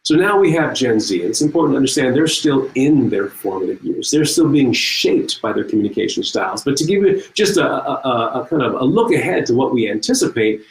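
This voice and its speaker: A man's voice: medium pitch, brisk, few pauses, reverberant, rough recording. A middle-aged man giving a conference talk, telling humorous stories and speaking directly to the audience. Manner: humorous, lively storytelling with audience asides.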